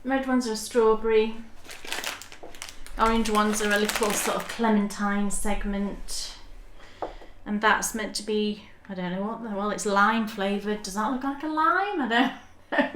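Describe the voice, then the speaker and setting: A woman with a Yorkshire accent co-hosting a podcast, chatty and quick to laugh, explaining things at length. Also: on the high side, a bit bright, a little hiss or hum. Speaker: podcast co-host. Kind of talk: casual chat. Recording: roomy echo.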